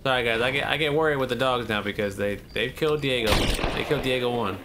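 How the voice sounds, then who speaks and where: A man giving casual commentary over a video game, excitable and profane, with sudden shouted outbursts. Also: mid-range voice, fast talker, very noisy. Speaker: gaming YouTuber. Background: game music and horse hooves.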